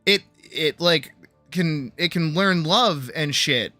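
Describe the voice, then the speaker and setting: A man streaming, recapping a story in a loose, animated way, swearing freely as he talks. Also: fairly high pitch, slow, dry recording, soft background music. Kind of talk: casual chat.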